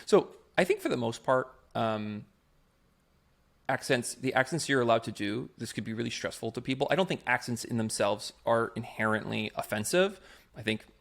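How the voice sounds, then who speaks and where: A man co-hosts a casual podcast with a gravelly, fried edge to his voice. He sits at a middling pitch and reasons things out aloud with emphasis, often restarting as he goes. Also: lively intonation, moderate pace, a bit bright. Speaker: podcast co-host, improv performer.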